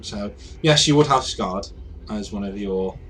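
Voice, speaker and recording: A man running a tabletop role-playing session as game master, relaxed and halting, often restarting his sentences. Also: lowish voice, slight background noise. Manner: relaxed, halting, frequent restarts and clears throat.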